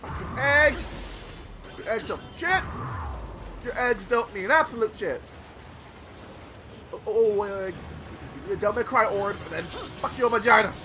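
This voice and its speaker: A young man giving excitable, swear-filled commentary while playing a video game. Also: high voice, a little slow, pauses often, background noise. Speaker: let's play gamer. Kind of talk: live gameplay commentary. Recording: loud game music behind voice. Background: game music.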